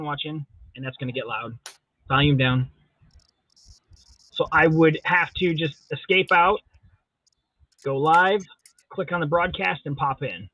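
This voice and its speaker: A man's voice: fairly high pitch, no echo. A man hosting a live drawing stream, chatting casually and playfully while he answers viewer comments. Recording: dull, dry lo-fi stream audio.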